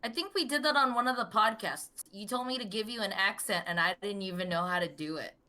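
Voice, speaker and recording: A woman's voice: mid-range voice, brisk, bright, forceful tone. A woman co-hosting a podcast in casual chat, giggly and self-deprecating. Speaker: podcast co-host.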